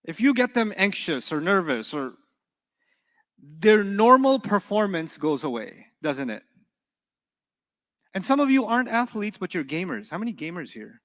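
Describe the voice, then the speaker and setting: Male lecturer, middle-aged, high voice, animated classroom delivery, long hall reverb. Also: moderate pace, long pauses. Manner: animated, asks the class questions. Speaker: Arabic teacher.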